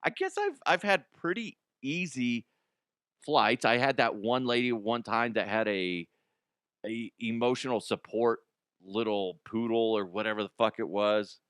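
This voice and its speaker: A man's voice: mid-range voice, unhurried, a bit bright, smooth, dry recording, clean studio sound. A man hosting a comedy news show, rambling and profane, often dropping into silly put-on voices.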